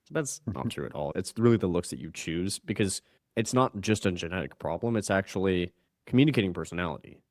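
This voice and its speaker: A male communication coach on a podcast with a fairly low voice, talking emphatically and swinging his delivery up and down as he acts out quoted voices. He comes across as energetic and sure of himself, in a casual register. The sound is dry and close-miked. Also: a little fast, no echo.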